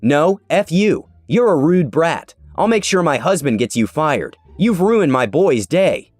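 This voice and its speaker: A man voicing a shrill, entitled middle-aged woman shopper who screeches her demands in a slow, condescending way. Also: very animated, no room sound, faint music behind. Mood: indignant. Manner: slow, exaggerated, condescending delivery.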